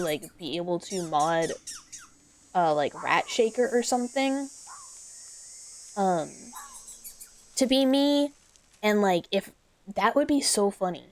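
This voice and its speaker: A woman streams a horror game in a loose, chatty way, rambling through her thoughts and swearing freely. Her voice sits at an everyday middle pitch, and she gets quickly excited by what she sees on screen. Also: a little hiss or hum. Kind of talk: casual gameplay commentary.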